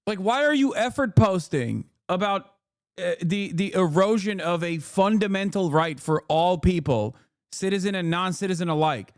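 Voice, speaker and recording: A man's voice: sits high, expressive, moderate pace, dry recording, clean studio sound. A man streaming a reaction video, ranting in a heated, profane, emphatic way. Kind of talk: live-stream reaction rant.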